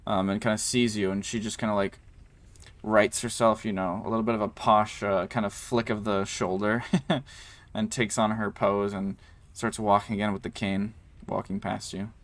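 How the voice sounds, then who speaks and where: A lowish-voiced game master talks through a tabletop session, wandering loosely and padding his lines with ums and likes. He keeps a level tone at normal speed.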